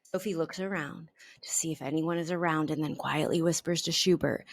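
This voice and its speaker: A woman reading a children's storybook aloud in an expressive, unhurried way. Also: low-pitched. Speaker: storybook reader.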